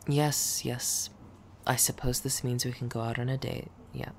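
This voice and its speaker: Lady doing a sarcastic coworker gal in an audio roleplay, kinda gravelly, dry and dismissive but grudgingly soft. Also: extremely low pitch, level tone, moderate pace, a little hiss or hum. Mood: grudgingly tender. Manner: dry, dismissive teasing that turns grudgingly gentle. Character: blunt, sarcastic woman office coworker who curses. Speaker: audio role-play performer. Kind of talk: scripted audio role-play.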